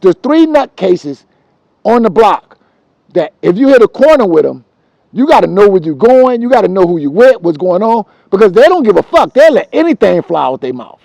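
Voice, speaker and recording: A man telling street stories from his childhood in a casual, profane, animated way, repeating himself for emphasis. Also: high-pitched, normal speed, gravelly, no echo, lo-fi sound. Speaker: storyteller.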